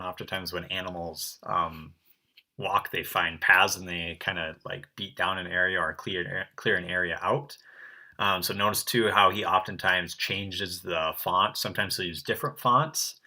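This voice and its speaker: A young man teaching an online art lesson to children, chatty and relaxed, with lots of fillers. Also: sits low, normal speed. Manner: relaxed and chatty, full of um and kinda.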